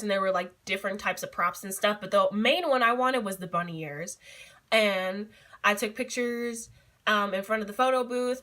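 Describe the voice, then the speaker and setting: A young adult woman vlogger telling a story in a casual, excitable and giggly way, with many fillers. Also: medium pitch. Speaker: beauty vlogger.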